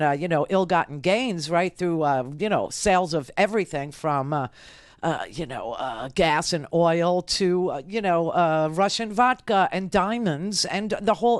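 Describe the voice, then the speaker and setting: A woman's voice: lowish voice, smooth, dry recording, clean studio sound. A woman hosting political talk radio, brash and emphatic with rambling asides. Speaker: radio talk show host.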